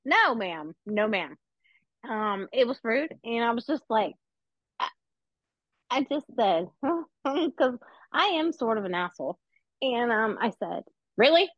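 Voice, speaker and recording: A woman with a fairly high voice tells rambling stories in casual chat, animated and profane, laughing as she goes. The sound is dry and close, a little dull and lo-fi. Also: unhurried, long pauses, no room sound. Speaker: podcast host.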